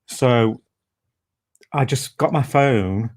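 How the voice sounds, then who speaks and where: A man interviewing a guest, talking earnestly with many restarts and fillers. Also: medium pitch. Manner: earnest, halting with many restarts and "you know". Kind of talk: conversational interview.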